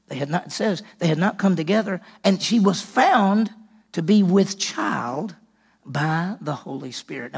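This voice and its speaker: A senior pastor preaches a sermon in a homey, storytelling way, slipping into the voices of the people he quotes. His voice sits somewhat high and has a gravelly edge. It also sounds a little husky. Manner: folksy storytelling, acts out quotes.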